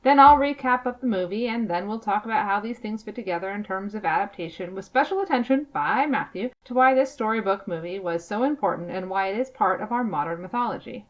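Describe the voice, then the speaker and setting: A woman's voice: mid-range voice, expressive, a little fast, few pauses, highs cut off. Chatty woman podcast co-host. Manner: chatty and self-deprecating. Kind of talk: casual podcast chat.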